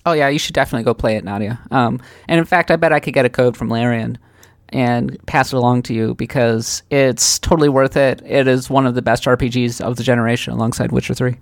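A woman's voice: extremely low pitch, steady tone, fast, no room sound, clean studio sound. A woman from Minnesota co-hosting a casual podcast chat, wry and opinionated with a teasing edge. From Minnesota, USA. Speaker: podcast co-host.

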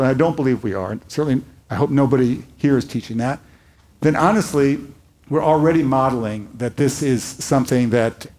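An older man, a rabbi, speaking earnestly and telling stories on a panel before a live audience. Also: medium pitch. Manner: earnest storytelling, animated quotes.

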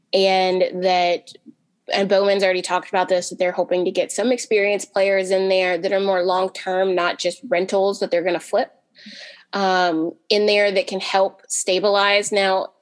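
Woman, podcast panelist, casual chat, mid-pitched, frequent restarts. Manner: talks fast in bursts with many restarts and fillers.

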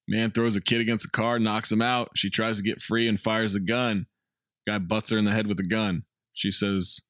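A man's voice: on the low side, steady tone, normal speed, a bit bright, no echo. Male podcast host, casual wry recap, dry close sound. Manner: wry, swearing, recapping in plain narration. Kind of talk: casual chat.

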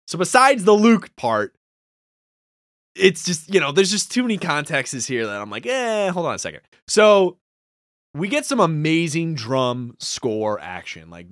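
A man co-hosting a podcast, swearing freely and retelling scenes in an excited, casual recap. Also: medium pitch, no room sound, clean studio sound. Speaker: podcast co-host.

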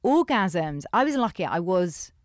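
A woman's voice: on the low side, big pitch swings, unhurried, dry recording, clean studio sound. A woman, a sex therapist, talking candidly and animatedly in a casual podcast conversation, often restarting her sentences.

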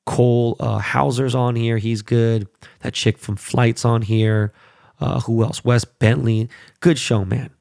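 A middle-aged podcast host with a gravelly voice chats casually into a close mic in a completely dry room with no room sound. He rambles, swears often, and gets high and loud when he's worked up.

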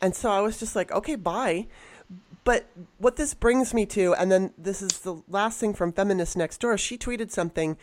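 A woman's voice: medium pitch, moderate pace, few pauses, slight background noise. Blunt, fiery woman telling a story. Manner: blunt, animated storytelling with swearing. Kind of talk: casual chat.

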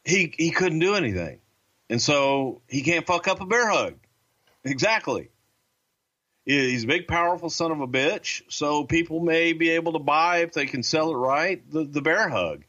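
A man's voice: fairly high pitch, expressive, moderate pace, bright, forceful tone. Blunt, profane male storyteller, lo-fi. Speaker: guest, former wrestling promotion insider. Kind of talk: interview storytelling.

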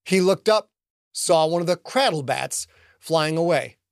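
Expressive male audiobook narrator. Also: a little high, a little slow, vocal fry, dry recording, studio quality.

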